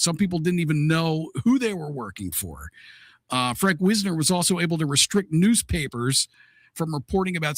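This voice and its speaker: A man's voice: fairly high pitch, dry recording. Man explaining history, dry close sound. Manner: steady explainer, hesitant restarts. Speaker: podcast co-host. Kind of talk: casual chat, explaining history.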